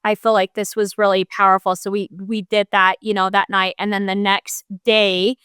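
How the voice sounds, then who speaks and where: A woman's voice: medium pitch, level tone, normal speed, smooth, no room sound, studio quality. A woman co-hosting a podcast, a mother talking in a chatty way full of "like" and "you know". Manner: chatty, warm interviewer tone, lots of "like" and "you know". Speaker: podcast co-host. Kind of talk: casual podcast conversation.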